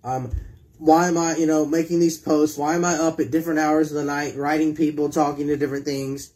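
A man with a high voice preaches a sermon. He retells scripture in his own words and keeps turning to ask his listeners questions. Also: level tone, brisk, darkish tone.

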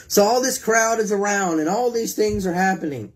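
A man's voice: high-pitched, lively intonation, moderate pace, few pauses. A man preaching a sermon, retelling scripture in his own words and putting direct questions to his listeners.

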